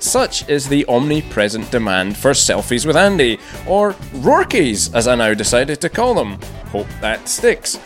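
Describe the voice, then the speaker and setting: A male podcast host with a lively, swinging delivery and a dry, self-mocking wit. He reads his introduction over faint guitar music, then slips into relaxed, rambling conversation with his guest. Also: a little high. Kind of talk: scripted intro then casual interview chat. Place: large empty echoing conference room.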